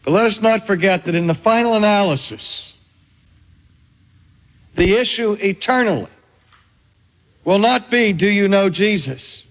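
A man preaching a sermon, slow and dramatic, with heavy emphasis and long pauses. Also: sits high, lively intonation. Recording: long hall reverb.

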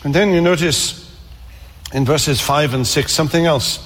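A man preaching a sermon in earnest tones, repeating words and slowing down for emphasis. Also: fairly high pitch, a bit bright, long reverb tail.

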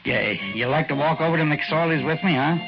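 A man's voice: fairly high pitch, brisk, music in the background, lightly acted. A man playing a timid, humble little old man who stammers and apologizes, in 1940s radio acting style. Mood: grateful. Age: older. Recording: muffled old radio recording, faint hiss.

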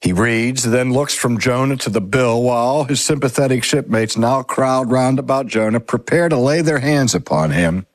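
A man reads an old sermon aloud, taking a measured and dramatic pace. His voice sits at an ordinary middle pitch. The recording is dry and close. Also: dry recording. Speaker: reader. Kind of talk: scripted narration of a sermon from a novel.

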